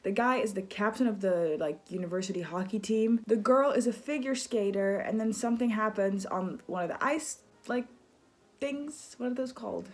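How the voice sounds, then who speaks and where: A young woman chatting casually about books she has read, rambling and bubbly, with lively asides, filmed at home on a phone camera. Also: medium pitch, normal speed. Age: young adult. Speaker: book vlogger. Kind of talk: casual chatty book review. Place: indoors at home.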